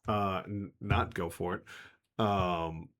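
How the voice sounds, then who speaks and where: Deep-voiced man running a tabletop game. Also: fairly even intonation, slow, fairly bright tone. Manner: rambling, hesitant descriptions full of fillers. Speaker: game master.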